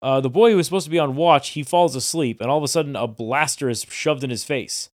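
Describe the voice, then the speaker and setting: A man's voice: medium pitch, fast, no echo, clean studio sound. A man co-hosting a podcast, narrating TV scenes in casual chat with filler words and quoted lines. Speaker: podcast co-host.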